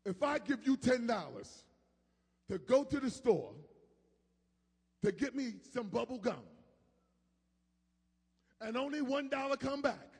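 A man with a high, husky voice preaches. He moves between low, quiet asides and shouted peaks, and his voice rings with a long reverb from a church sanctuary. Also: lively intonation, slow, pauses often. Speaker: pastor. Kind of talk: sermon.

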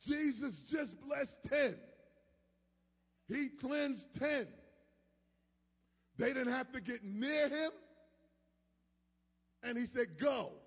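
A man with a high, husky voice preaches. He moves between low, quiet asides and shouted peaks, and his voice rings with a long reverb from a church sanctuary. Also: animated, drawn-out words, pauses often. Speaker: pastor. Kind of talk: sermon.

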